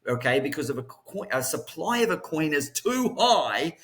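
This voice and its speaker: A man's voice: on the high side, very animated, normal speed, fairly bright tone. A man hosting a crypto trading show, talking in a chatty, upbeat way with strong rhythmic emphasis. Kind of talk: casual market commentary.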